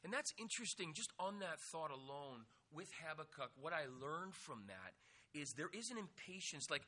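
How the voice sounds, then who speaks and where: Lively, husky-voiced man preaching. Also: a little high, normal speed. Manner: animated, acts out quotes, jokes with the audience. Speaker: youth pastor. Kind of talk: energetic youth sermon.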